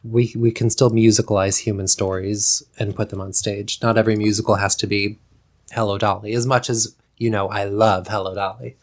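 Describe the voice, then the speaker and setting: A man talking as a guest on a podcast, chatty and rambling in a relaxed conversational way. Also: fairly low pitch, fairly quick. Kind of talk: casual chat.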